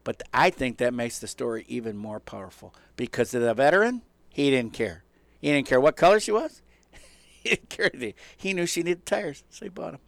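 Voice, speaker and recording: A man hosting a radio talk show, telling a story in a lively, conversational way. He chuckles and slips into the voices of the people he describes. His voice sits at an ordinary pitch, and the close studio mic gives it a dry sound. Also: a little fast, vocal fry, dry recording.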